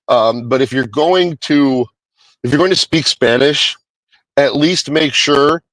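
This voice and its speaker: A man's voice: mid-range voice, fairly bright tone, dry recording, low-quality recording. A man reviewing a movie in a casual, rambling way, swearing often and restarting his sentences. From Hispanic American. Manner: rambling, profane, many restarts.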